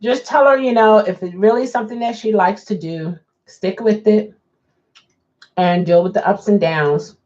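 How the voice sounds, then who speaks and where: A woman's voice: mid-range voice, normal speed, darkish tone. A woman chatting casually on a live stream as a rideshare driver, answering viewer comments and laughing often. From Baltimore. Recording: dull lo-fi sound.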